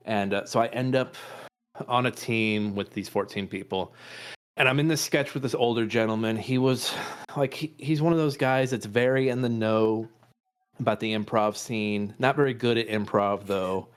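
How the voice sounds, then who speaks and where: A man's voice: lowish voice, fairly even intonation, moderate pace, clean tone. A man in his thirties, a podcast co-host and dad, telling a rambling self-deprecating story with restarts and swearing. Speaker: improv performer and dad. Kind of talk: casual storytelling chat.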